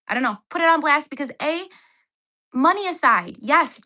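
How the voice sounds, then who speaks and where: A woman in her thirties chats through a phone livestream at home with a high, bright voice. She sounds exasperated and keeps up a running sarcastic commentary. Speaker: livestream host. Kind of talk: casual livestream unboxing. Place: home, indoors.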